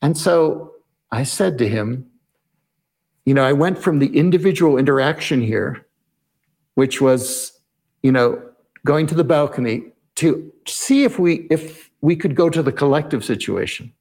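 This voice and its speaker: A man with a slightly raised pitch recounts an episode for an interviewer. His delivery is measured and explanatory, and he often poses his own inner questions out loud as he narrates. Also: animated. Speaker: podcast guest, negotiation expert. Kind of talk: reflective storytelling in an interview.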